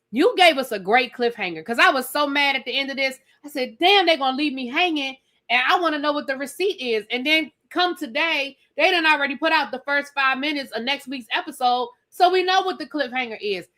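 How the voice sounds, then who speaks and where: Woman streamer, bright higher voice, sassy chatty host reviewing reality TV live. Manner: chatty, sassy, addresses viewers as girl and y'all.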